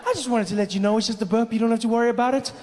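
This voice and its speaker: A man's voice: very high-pitched, steady tone, racing, a little mellow, long reverb tail, pitched above the performer's own voice. A man voicing his own body as a sheepish male character that speaks in an overly reassuring way.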